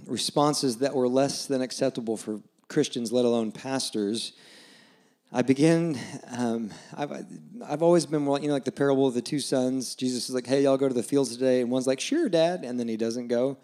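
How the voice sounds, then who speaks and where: At a moderate pace, a man in his forties preaching as a guest shares a personal anecdote in a relaxed sermon, his voice sinking quiet and gentle for scripture quotations.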